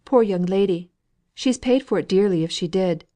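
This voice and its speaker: A woman's voice: medium pitch, normal speed, mellow, natural voice. A woman voicing a chatty, gossiping female servant in an audiobook reading. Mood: anxious. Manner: chatty, confiding, homely speech.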